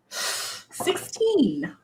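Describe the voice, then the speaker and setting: A woman's voice: on the high side, heavy background noise. A woman narrating a tabletop game as game master, chatty and laughing often.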